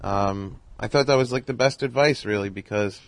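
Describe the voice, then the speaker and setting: A man telling a casual story in a relaxed, halting way, with lots of "you know". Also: lowish voice, low-quality recording. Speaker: podcast host and comedian.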